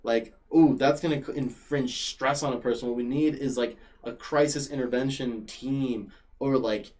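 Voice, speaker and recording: A man's voice: mid-range voice, moderate pace. A young man chatting casually as a podcast guest, telling stories with lots of fillers. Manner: animated storyteller, many fillers like "like". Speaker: podcast guest and former regular.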